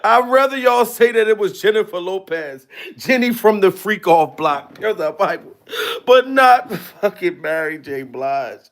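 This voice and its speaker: A man in his forties doing a comedic reaction, loud and profane, with exaggerated fake sobbing broken by laughter. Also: sits high, animated, unhurried. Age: 40s. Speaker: comedy vlogger. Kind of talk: comedic mock-crying reaction.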